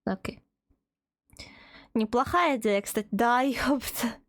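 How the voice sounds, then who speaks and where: A woman streaming live, chatting with her audience in an excitable way, swearing and playfully shouting at chat. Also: on the high side, a little slow, no room sound. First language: Russian. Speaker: VTuber streamer.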